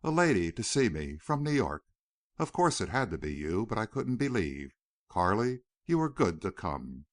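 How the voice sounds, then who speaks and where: A man's voice: lowish voice, big pitch swings, moderate pace, dry recording, studio quality. A male narrator voicing an earnest, wistful young veteran turned rancher in an audiobook.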